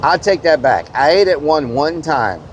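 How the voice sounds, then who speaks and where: A man's voice: on the high side, big pitch swings, normal speed, slight background noise. A man, a streamer casually telling a rambling story to his live chat, full of fillers and mild swearing.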